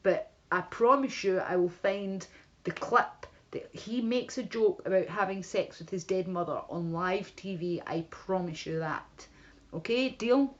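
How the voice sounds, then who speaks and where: A woman's voice: fairly low pitch, unhurried. A woman chatting casually on a livestream, rambling with restarts and asides to her viewers. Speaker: livestream host. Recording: dull lo-fi stream audio.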